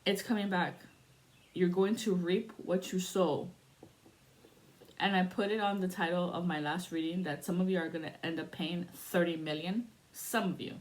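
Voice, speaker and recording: A woman's voice: lowish voice, steady tone, moderate pace. A woman giving a casual spiritual reading, chatty and profane, laughing often and shifting into a spoken prayer to invoke spirits. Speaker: spiritual reader.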